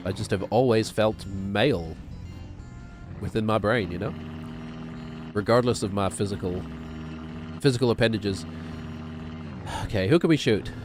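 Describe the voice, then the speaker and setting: A man's voice: fairly low pitch, measured pace, long pauses, over music. A man streaming a video game, rambling and joking offhandedly as he plays. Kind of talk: gaming stream commentary.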